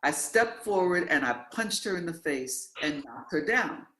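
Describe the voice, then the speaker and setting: Animated man telling a story in an echoey room. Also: a little high, a little slow. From New York. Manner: animated, acts out quoted voices. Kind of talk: conversational storytelling. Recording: roomy echo.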